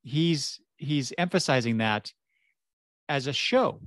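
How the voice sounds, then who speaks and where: A man co-hosting a comics podcast who talks slowly and repeats words while working out his thoughts. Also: medium pitch, lively intonation, a bit bright, dry recording, clean studio sound. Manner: hesitant, repeats words while thinking aloud. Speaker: podcast co-host. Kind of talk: casual discussion.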